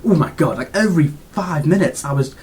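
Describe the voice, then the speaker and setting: A man's voice: on the high side, animated, fairly quick, darkish tone. A British man giving a casual video game review, gushing and rambling with lots of restarts and fillers.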